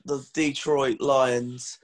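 A podcast co-host talks bluntly and earnestly in casual sports podcast chat. His medium-pitched voice barely moves in pitch, and he speaks extremely slowly.

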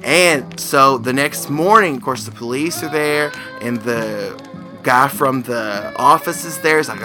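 A man's voice: mid-range voice, unhurried, over music. A man telling a spooky story casually, acting out the characters. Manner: animated, acts out the characters' voices.

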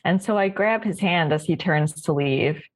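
A woman player in a tabletop role-playing game speaks casually and asks short, curious questions. Her voice is on the low side. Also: moderate pace, a little hiss or hum.

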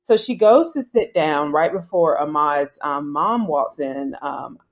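A woman's voice: low voice, unhurried. A woman in her thirties from South Carolina with a Southern accent, telling stories casually as a guest in an interview and acting out dialogue. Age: 30s. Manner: animated, acts out dialogue, laughs often. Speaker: guest filmmaker.

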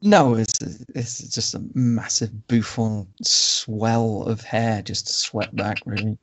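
A man's voice: fairly low pitch, steady tone, slow pace. A man co-hosting a podcast, chatting casually about films and dropping dry, wry remarks. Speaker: podcast co-host. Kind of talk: casual film review chat.

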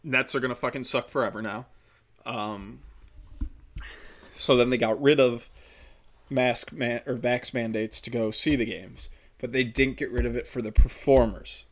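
A man's voice: mid-range voice, steady tone, measured pace, long pauses. A young man ranting angrily as a podcast host, swearing heavily and raising his voice in frustration. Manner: heated, profane, ranting. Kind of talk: angry opinion rant.

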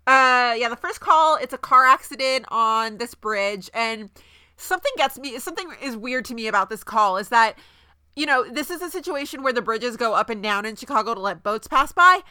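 Bright dry-voiced woman chatting casually. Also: a little high, animated, moderate pace, clean tone, no room sound. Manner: chatty, lots of fillers. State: has the hiccups. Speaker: podcast co-host. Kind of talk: casual chat.

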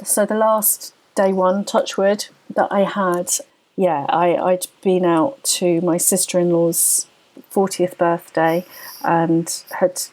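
A woman's voice: on the low side, darkish tone, poor audio. A woman, a podcast guest, earnestly telling a personal story in tumbling phrases full of restarts.

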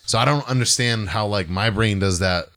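A man's voice: lowish voice, moderate pace, pushed and bright. A man co-hosting a podcast who tells long, rambling stories in casual chat, swearing freely. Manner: rambling, profane storytelling. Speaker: podcast co-host.

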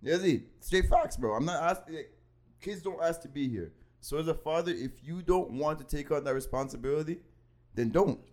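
A young man in casual podcast banter, blunt and emphatic. His voice sits a little high for a man, and he leans hard into his points with plain, forceful talk. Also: lively intonation, moderate pace. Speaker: podcast co-host. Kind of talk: casual chat.

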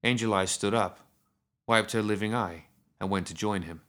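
A man reading a story aloud as narrator, in a steady, measured way. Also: fairly low pitch.

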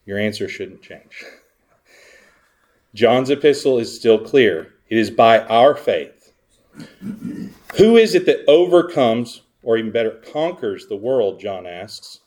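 Preaching at a measured pace in a fairly low voice, a male pastor turns sarcastic, throwing rhetorical questions at his congregation. He shifts abruptly between booming emphasis and quiet asides.

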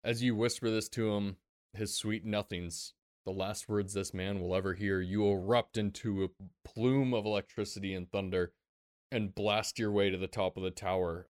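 A man's voice: fairly low pitch, steady tone, moderate pace, no echo, studio quality. A man narrating a tabletop game as game master, laid-back, laughing often and swearing casually.

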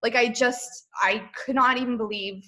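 A woman in her thirties talks as a podcast guest in a loose, rambling way, full of "like" and "um." She often laughs at herself. Her voice is bright and sits a little high. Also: steady tone, moderate pace. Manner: chatty, self-deprecating, laughs often, many fillers. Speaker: podcast guest, boutique owner. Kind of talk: casual interview chat.

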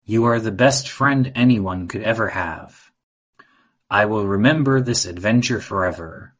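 A man's voice: lowish voice, a little slow, a bit bright. A man voicing a brave, curious little boy in a storybook, earnest and eager.

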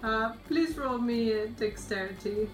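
A woman runs a tabletop role-playing game and describes each scene at a calm, unhurried pace with frequent ums. Her voice is mid-pitched and sounds roomy and echoey, with faint music beneath. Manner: calm, unhurried narration with fillers. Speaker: game master.

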